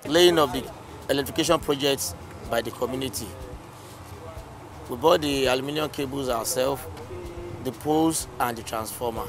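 A mid-pitched man who explains a community project on site and often checks that his listeners follow. Faint music plays behind him. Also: moderate pace, pauses often. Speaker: community development official.

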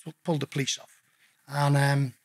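A man's voice: mid-range voice, moderate pace. A man, a guest, telling a story casually and animatedly, swearing heavily as he goes. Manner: heavy swearing, animated retelling.

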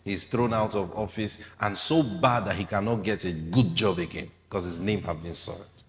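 A man's voice: low-pitched, steady tone, moderate pace, in a large hall. A man preaching a sermon, reading scripture aloud and explaining it with rhetorical questions to the congregation.

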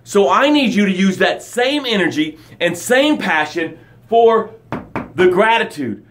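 A fairly high-voiced man speaks as a motivational coach on a live broadcast. He preaches with energy, repeats his key lines, and raises his voice to act out angry stories. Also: expressive, a little slow, fairly bright tone. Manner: acts out angry stories with rising voice.

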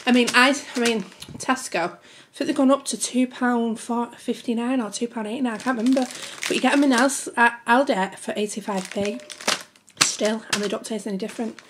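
This family vlogger, a young UK woman, talks briskly in a steady, fairly high voice as she goes through a family grocery haul at home. She rambles, sounds a little out of breath, and addresses viewers as "guys," over a faint hiss or hum.

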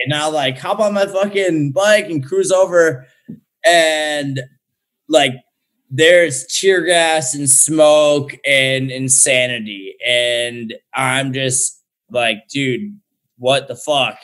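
A man's voice: fairly high pitch, a bit bright. A young man, a podcast guest on a remote call, telling a story in a loose, slangy way and swearing heavily. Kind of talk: casual storytelling.

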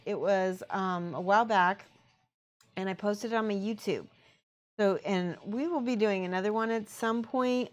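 A woman chatting casually on a live stream as she paints miniatures, thinking aloud and reading out the chat. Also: mid-range voice.

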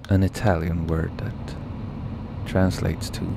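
A man narrating a short documentary in a dry, calm, wry manner. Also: deep voice, slow pace, vocal fry, noisy background. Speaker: filmmaker and narrator. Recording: voice-over with music behind.

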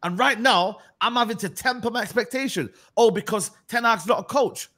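A man vents about his team's loss in a heated, slang-heavy rant. His voice sits a little high. He keeps coming back to the same complaints with rising force. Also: moderate pace. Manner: animated, ranting, slangy. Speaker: football fan. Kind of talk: heated football banter.

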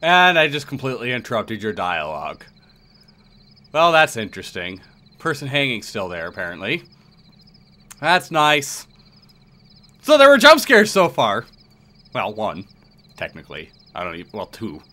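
A man's voice: medium pitch, wildly swooping pitch, normal speed, pauses often, sharp tone. A man playing a horror game, giving casual commentary with sarcastic, muttered asides. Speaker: let's play gamer.

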